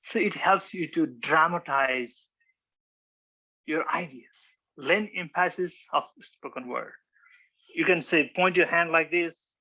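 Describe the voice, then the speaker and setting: Guy teaching speech gestures, bright tone, kinda muffled audio. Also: a little high, takes it slowly. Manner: demonstrative, acts out examples, frequent restarts. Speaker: public speaking club instructor. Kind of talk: informal teaching talk with slides.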